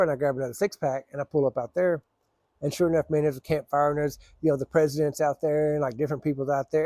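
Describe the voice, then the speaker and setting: A man's voice: a little high, darkish tone, no echo, clean studio sound. A man telling rambling, profane stories in a casual, laid-back way. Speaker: storyteller. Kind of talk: casual storytelling.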